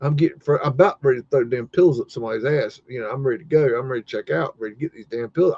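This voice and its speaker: A man's voice: medium pitch, very fast, few pauses, darkish tone. A man hosting a live stream, telling a rambling story full of cursing and restarts, sounding exasperated. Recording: dull lo-fi dry sound.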